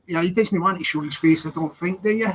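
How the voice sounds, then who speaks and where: A man's voice: sits high, fairly quick. A man helping run a live stream, speaking hurriedly with some stammering. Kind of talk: casual chat on a live stream. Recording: dull lo-fi audio.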